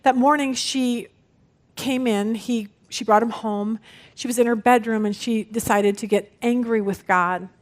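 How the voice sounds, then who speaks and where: A woman in her forties teaching a women's Bible study, telling stories with lively energy and acting out the people in them. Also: a little high, unhurried. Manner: lively storytelling, acts out quoted people.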